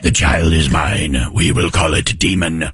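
A man voicing an ominous demon that speaks in slow, menacing pronouncements. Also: very deep voice, steady tone, a bit bright, husky, no echo, studio quality, pitched below the performer's own voice, exaggerated voice. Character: ominous demonic voice claiming a child.

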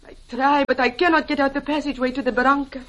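A woman's voice: sits high, flat delivery, quick pace, fairly bright tone. An actress playing a frightened young woman who speaks tearful, broken in a 1940s radio drama. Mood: distressed. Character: frightened young Mexican woman, Spanish-accented.

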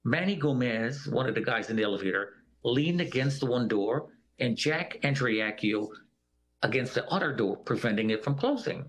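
In an interview, a man tells a personal story and vividly acts out the voices of the people in it. His mid-range voice is animated and a bit bright, at a moderate pace.

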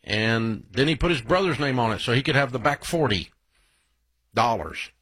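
A man's voice: mid-range voice, animated, normal speed, fairly bright tone, slightly rough, no room sound. A man hosting an advice show, blunt and emphatic in casual talk.

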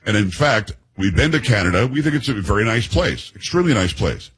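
A man's voice: fairly low pitch, expressive, a little fast, slightly rough, poor audio. A man from the United States hosting a talk show, giving casual political commentary in a chatty way, with restarts and sarcastic asides.

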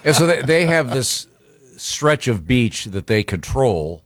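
A man's voice: medium pitch, very animated, no echo. A man co-hosting a talk show, chatting casually and often restarting his sentences. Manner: halting, restarts a lot. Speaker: co-host. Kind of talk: casual chat.

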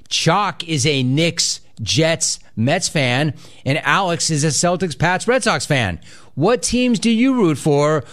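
Animated, teasing sports talk host man. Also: fairly high pitch. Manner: animated, mocking, repeats phrases for effect. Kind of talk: casual sports talk with listener emails.

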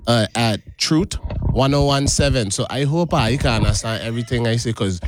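A man's voice: medium pitch, normal speed, noisy background. A man with a Trinidadian accent, co-hosting a casual podcast and bantering in a playful, mock-indignant way. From Caribbean, Trinidad roots. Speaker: co-host.

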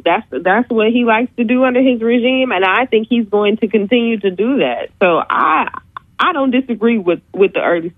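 A woman's voice: on the high side, no room sound. Woman guest on a tinny phone line. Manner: relaxed, friendly, joshing. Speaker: guest sports broadcaster. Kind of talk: casual sports talk radio.

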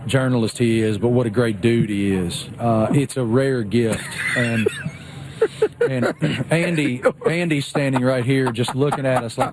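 A man's voice: medium pitch, measured pace, heavy background noise. Joking man co-hosting a sports show. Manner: joking, teasing, animated. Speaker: co-host. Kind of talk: casual banter on a sports show.

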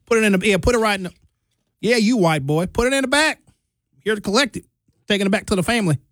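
A man voicing a brash Southern man in overalls and a cowboy hat who has come to collect art, with a high put-on drawl. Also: quick pace, creaky, darkish tone, no room sound, clean studio sound, natural voice.

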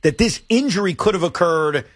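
A man hosting a sports talk radio show, making his case with a lively, rising and falling delivery. His voice sits a bit high for a man. The studio sound is dry and close. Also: moderate pace, no room sound.

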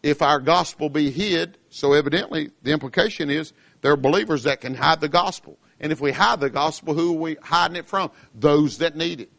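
A Southern American man preaches a fervent radio sermon in a high voice. He climbs to shouts at his peaks and acts out his listeners' objections in other voices. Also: brisk, creaky, few pauses. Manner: impassioned, rising to shouts, acting out listeners' objections. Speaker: pastor.

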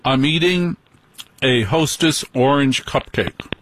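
A man's voice: medium pitch, fairly bright tone, a little hiss or hum. Chatty late-night radio host man. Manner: chatty, teasing, quick to interrupt.

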